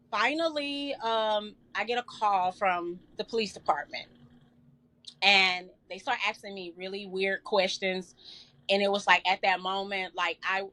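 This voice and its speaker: A middle-aged woman telling an emotional personal story in an interview, earnest and halting with many fillers. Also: mid-range voice, pushed and bright. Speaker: guest.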